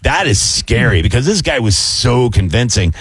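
A man telling a story in casual chat, animated and acting out the voices of both sides. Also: medium pitch, normal speed, husky, no room sound.

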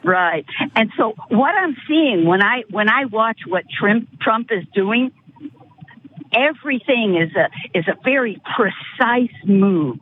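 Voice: mid-range voice, lively intonation, slow. A radio caller making an earnest case with building emphasis. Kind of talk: phoning in to a talk radio show. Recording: tinny phone line with faint noise.

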